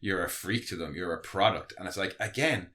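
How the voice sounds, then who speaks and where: A man talks through a TV episode with his co-host. His voice sits a little low but sounds bright and forward. He drops into the characters' lines as he tells the story. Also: fairly quick. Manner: conversational, acts out characters' lines mid-recap. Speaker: podcast co-host. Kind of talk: casual chat recapping a TV episode.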